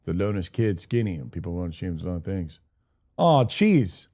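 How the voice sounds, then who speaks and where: A man's voice: low voice, very animated, normal speed, dark tone. A young man live-streaming a game, chatting casually, greeting viewers by name and swearing now and then in a hyped-up way.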